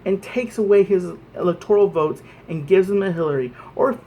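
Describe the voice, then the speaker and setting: A man's voice: high-pitched, lively intonation, moderate pace, lo-fi sound, a little hiss or hum. A man vlogging an angry, profane rant to camera, repeating himself as he presses his points.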